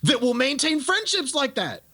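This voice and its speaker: A man's voice: extremely high pitch, wildly swooping pitch, normal speed, bright, forceful tone. A man co-hosting a podcast review, talking casually and rambling with many restarts. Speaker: podcast co-host.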